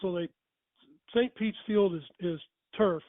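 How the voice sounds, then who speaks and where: A man's voice: sits high, a little slow, no room sound. Rambling older man, tinny phone sound. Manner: rambling, self-correcting, chuckling. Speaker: storyteller. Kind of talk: casual storytelling.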